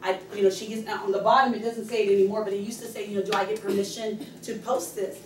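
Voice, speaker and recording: A middle-aged woman, a real estate agent, giving a fast and excited training talk to her team at a meeting. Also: medium pitch, slight background noise. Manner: fast, excited, loud when passionate. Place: meeting room. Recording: echoey room, speaker far from the camera mic.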